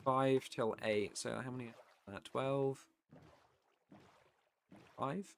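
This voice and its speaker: A tired British man chatting casually on a live stream, swearing freely and getting loud and worked up when he rants. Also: mid-range voice, fairly even intonation, slow pace, vocal fry, a little hiss or hum. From Britain.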